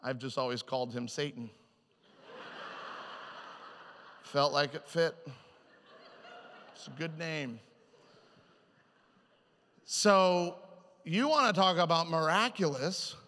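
Male preacher, comic storyteller, fairly high bright voice, hall echo. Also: a little hiss or hum. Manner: animated, self-mocking, quick shifts into quoted voices. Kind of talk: humorous sermon storytelling. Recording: hall reverb.

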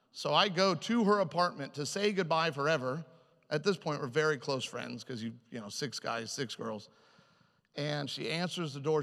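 Man, humorous sermon, self-mocking, animated, bright forceful tone, long hall reverb. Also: a little high. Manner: animated, self-mocking, quick shifts into quoted voices. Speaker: preacher.

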